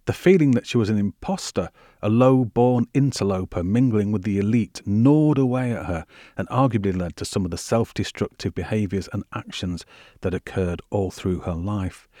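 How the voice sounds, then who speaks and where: A man hosting a history podcast, telling the story in measured, wry scripted narration. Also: fairly low pitch, mellow, dry recording, clean studio sound. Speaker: podcast host.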